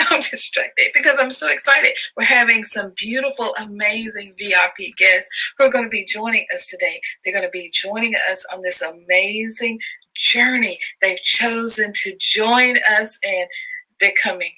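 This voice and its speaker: A woman from the United States presenting a promotional vlog clip in a bubbly, gushing, excitable way. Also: mid-range voice, normal speed, poor audio. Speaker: channel host.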